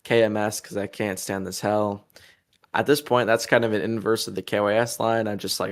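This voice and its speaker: A man's voice: fairly low pitch, fairly even intonation, a little fast. A young adult man, a musician being interviewed, talking in a laid-back, profane, casual way and laughing often.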